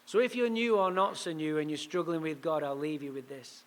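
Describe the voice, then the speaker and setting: A man giving a storytelling talk at a recovery meeting, punchy and animated, with quick asides to the room. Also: fairly high pitch.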